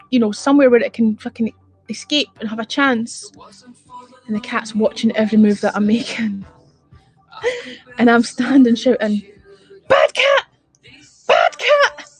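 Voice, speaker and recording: A woman's voice: a little high, slightly rough. A middle-aged woman, telling a comic story on a casual livestream and swearing freely. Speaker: livestream host.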